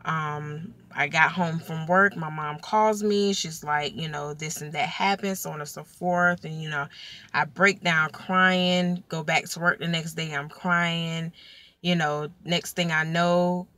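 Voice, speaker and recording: A young woman casually telling a personal story to camera, chatty and animated, full of fillers. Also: low voice, unhurried, no echo.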